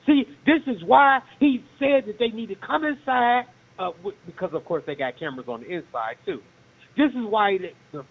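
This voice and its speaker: A man calling in to a talk show, rambling and repeating himself with lots of fillers. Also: sits high. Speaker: caller. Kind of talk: casual call-in talk. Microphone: phone. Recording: tinny phone line.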